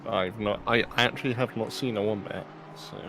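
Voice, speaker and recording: A man co-commentating a sim race, answering questions and adding dry, deadpan quips. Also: fairly low pitch, moderate pace, background noise. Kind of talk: live race commentary with banter.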